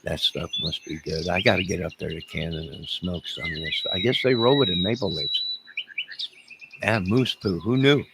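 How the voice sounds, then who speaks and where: A man's voice: low-pitched, normal speed, gravelly. A man hosting a livestream, telling a rambling, jokey, folksy comedic rant outdoors. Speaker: livestream host. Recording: noisy outdoor audio with birdsong.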